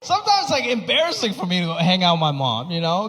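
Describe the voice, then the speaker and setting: High animated comedian in a hall. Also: male voice, fast talker. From United States. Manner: animated, exasperated storytelling. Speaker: stand-up comedian. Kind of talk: stand-up routine. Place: comedy stage. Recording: echoey hall, faint noise.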